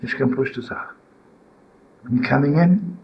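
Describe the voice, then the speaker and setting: An older man giving an informal religious teaching, telling stories and asking "right?" and "you know?" to his listeners, rising to loud scolding when he acts out a harsh inner voice. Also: medium pitch, measured pace, muffled recording, slight background noise. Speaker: rabbi and storyteller.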